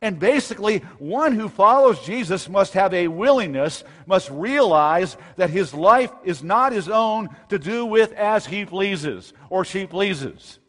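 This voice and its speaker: Male pastor, slightly high voice, emphatic sermon delivery, long hall reverb. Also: expressive, unhurried, few pauses. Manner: emphatic preaching, rising to loud bursts. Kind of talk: expository sermon.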